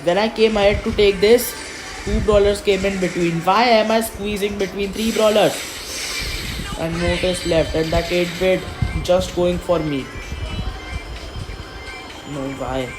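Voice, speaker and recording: Slow-talking frustrated woman gamer. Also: mid-range voice, fairly even intonation, over music, rough recording. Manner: frustrated, complaining, pleading. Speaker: gaming commentator. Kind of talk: live gameplay commentary.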